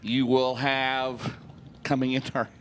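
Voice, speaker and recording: A man's voice: mid-range voice, little pitch movement, slow pace, a bit bright, slight background noise. A man doing casual booth commentary at a dirt track race, chatty and joking with his co-host. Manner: chatty, laughs often, jokes with co-host.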